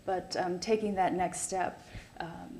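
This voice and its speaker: A woman with a somewhat low voice speaks reflectively on a panel, hesitating and pausing often as she searches for words. The room around her is echoey. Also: fairly even intonation, warm tone. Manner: hesitant, reflective, many fillers. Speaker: carepartner panelist. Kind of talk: panel talk.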